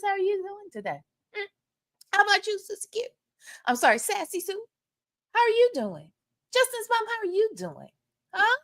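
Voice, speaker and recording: A woman with a high, bouncy voice hosts a casual livestream, playfully greeting and teasing her viewers. Her pitch swings widely as she chats, and the sound is dry and close with no room echo. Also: pushed and bright. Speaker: host of a gossip livestream.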